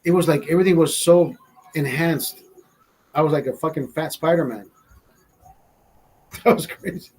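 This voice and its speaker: A man's voice: on the high side, a little slow, pauses often, darkish tone, slightly rough, low-quality recording. A man in his forties from Honduras telling a rambling, profane story in casual chat, laughing as he goes. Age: 40s. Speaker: podcast host.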